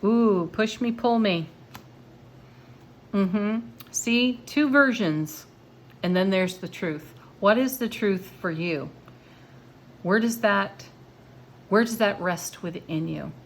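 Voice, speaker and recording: A woman giving a tarot card reading in a gentle, encouraging, spiritual manner. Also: medium pitch, slow pace, long pauses, a little hiss or hum. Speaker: tarot reader.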